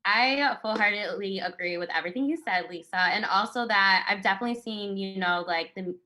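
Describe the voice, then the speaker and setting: A woman's voice: mid-range voice, brisk, pushed and bright, low-quality recording. A woman panelist in casual chat, chatty with lots of fillers and laughter.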